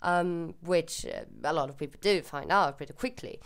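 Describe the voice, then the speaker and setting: Swedish-accented young woman vlogger, rambling chatty delivery, slightly low pitch. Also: moderate pace. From Sweden. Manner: chatty, rambling, self-deprecating. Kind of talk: casual chat to camera.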